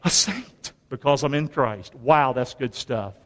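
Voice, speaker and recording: A man preaching a lively, folksy sermon in a church, calling the congregation to answer back. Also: mid-range voice, measured pace. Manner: folksy, call-and-response preaching. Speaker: pastor. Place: large church sanctuary. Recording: long reverb of a large hall.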